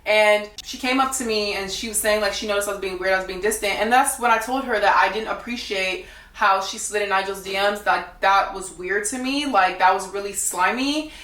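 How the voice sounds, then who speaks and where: A woman's voice: medium pitch, a little fast, few pauses, fairly bright tone. A young woman, a reality dating show contestant, telling her side in a blunt, gossipy way, full of "like". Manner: blunt, gossipy, heavy use of "like". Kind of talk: casual storytelling to camera. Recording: echoey room, mic at a distance.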